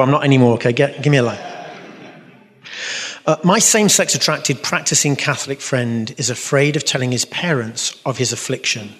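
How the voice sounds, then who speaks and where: Earnest London man speaking in a hall. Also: mid-range voice. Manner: earnest, direct, self-mocking, frequent restarts. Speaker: Catholic speaker. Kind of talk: conversational talk with audience questions.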